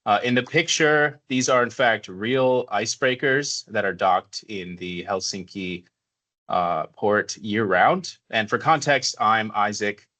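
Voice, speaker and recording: An American man with a fairly low voice pitches in an online session. He keeps it casual and upbeat, with a light joking touch. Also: takes it slowly, bright, forceful tone. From United States. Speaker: city presenter. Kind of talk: presentation pitch.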